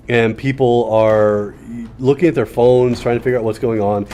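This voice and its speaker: A man's voice: medium pitch, fairly even intonation, moderate pace, warm tone. A man giving casual, rambling commentary while playing a shooting game, telling a story with a sardonic edge and lots of fillers and restarts. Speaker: gaming video host. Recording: faint gunfire and game noise behind. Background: game gunfire.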